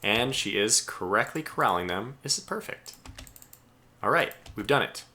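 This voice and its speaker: Streaming live gameplay, a man keeps up chatty, excitable commentary and talks aloud to the ships under his command. His voice sits on the low side and moves at a moderate pace.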